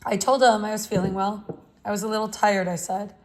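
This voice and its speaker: A woman reading a novel aloud in the first person, measured and reflective. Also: medium pitch, fairly even intonation. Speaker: audiobook reader.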